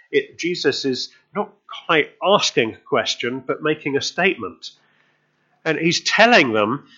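A man giving a sermon in a relaxed, storytelling way, often asking his listeners questions. His voice sits at a middle pitch. The recording sounds dull and lo-fi. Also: moderate pace. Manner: conversational storytelling, asks the congregation questions. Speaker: preacher.

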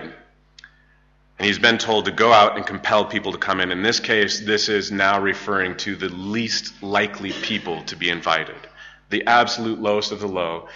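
Male Bible teacher, lowish pitch, chatty storytelling delivery, dull lo-fi recording. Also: bright, forceful tone. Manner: conversational, storytelling with fillers. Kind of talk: Bible study lecture.

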